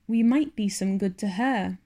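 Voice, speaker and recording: Meek old farmer, mild and stammering, gravelly and soft-toned, read by a woman. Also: mid-range voice, a little slow, close to an everyday voice. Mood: hesitant. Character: shy, gentle, soft-spoken older farmer man.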